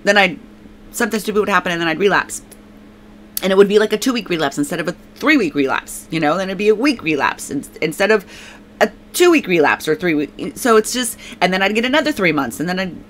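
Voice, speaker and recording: Bright-voiced woman rambling through her testimony. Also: on the low side, slight background noise. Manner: rambling and emphatic, heavy filler "like", repeats herself; prays aloud. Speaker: faith testimony speaker. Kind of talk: casual spoken testimony.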